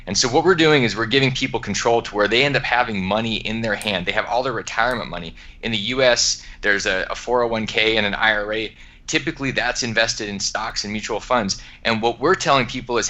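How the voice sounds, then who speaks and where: A man's voice: fairly low pitch, fairly quick, pushed and bright. A man from Alaska, a guest on a podcast, talking energetically and emphatically with some restarts. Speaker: guest, entrepreneur. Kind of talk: casual podcast interview.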